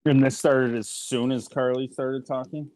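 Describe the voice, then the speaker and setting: A man's voice: mid-range voice, level tone, normal speed, a little mellow, no room sound. A man playing a tabletop game, joking and playfully sarcastic. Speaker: player. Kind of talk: casual tabletop game chat.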